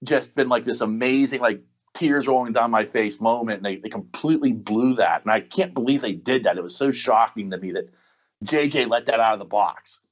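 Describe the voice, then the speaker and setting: A man's voice: mid-range voice, a little fast, muffled recording. A man, a podcast guest, talking casually and enthusiastically with many restarts and fillers. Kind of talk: casual chat.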